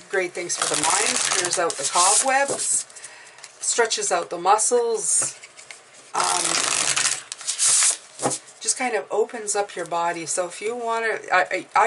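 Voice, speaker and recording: A woman tarot reader giving an encouraging, casual spiritual pep talk, often repeating herself and breathing deeply aloud. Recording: mic at a distance, faint background noise.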